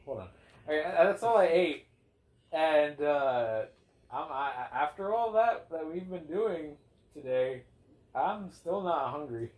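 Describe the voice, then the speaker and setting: A man's voice: a little high, animated, slow, a little mellow. A young man co-hosting a podcast, chatting casually and rambling with lots of restarts. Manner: rambling, stumbles and restarts, mumbles. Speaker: podcast co-host. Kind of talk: casual chat among friends. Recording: roomy room with faint hiss.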